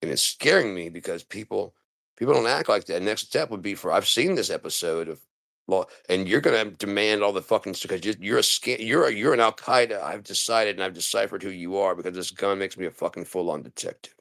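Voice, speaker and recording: A man on a livestream giving a sarcastic commentary rant, mimicking people and breaking into bursts of shouting. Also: fairly low pitch, fairly quick, gravelly, no echo, clean studio sound. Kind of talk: live-stream commentary rant.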